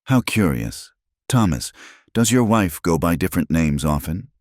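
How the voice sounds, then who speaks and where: A man's voice: low-pitched, sing-song, moderate pace, darkish tone, no room sound, clean studio sound. A man reading aloud voicing a smug, scheming middle-aged mother with a purring, mocking manner.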